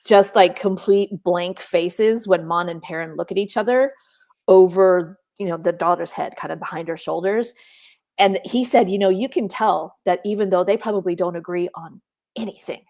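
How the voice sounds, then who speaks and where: Animated middle-aged woman co-hosting a chat. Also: lowish voice, moderate pace. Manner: animated, acts out quotes in playful voices. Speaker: podcast co-host. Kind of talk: casual chat.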